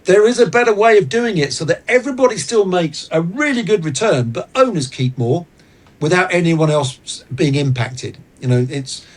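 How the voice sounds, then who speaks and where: Guy w a kinda husky voice, podcast guest, earnest and chatty. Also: sits high, normal speed. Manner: earnest, explanatory, animated storytelling. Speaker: guest, business advisor. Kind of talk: casual interview talk.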